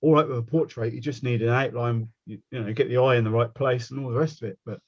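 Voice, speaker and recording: A man with a West Country English accent teaches a casual watercolour workshop over a video call, chatty and rambling and often breaking off to mock himself. His voice is medium-pitched, fast, a little mellow, and fairly even in intonation, and the recording is muffled.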